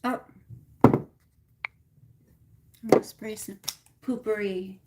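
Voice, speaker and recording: A woman's voice: mid-range voice, fairly even intonation, slow pace, heavy background noise. Frazzled woman rambling on a livestream. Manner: frustrated, swearing, rambling with many fillers. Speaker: livestream host. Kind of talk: casual livestream chat.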